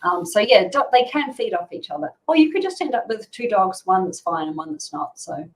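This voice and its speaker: A dog behaviour expert, she's a chatty, explanatory guest on a casual podcast, peppering her speech with "um" and "you know" and laughing a lot. Her mid-range voice is very animated and a little fast, and the audio is poor.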